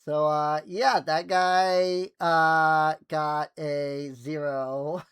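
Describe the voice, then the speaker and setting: Slow, relaxed tabletop game master. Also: mid-range voice, clear, resonant tone, no room sound. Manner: relaxed, chatty, laughs easily. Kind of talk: narrating a tabletop game over voice chat.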